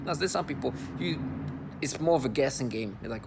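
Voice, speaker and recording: Against a noisy background, an adult male vlogger delivers an agitated personal monologue to camera in a medium-pitched, animated voice. Indignant and disgusted, he stumbles, repeating and restarting words as he goes.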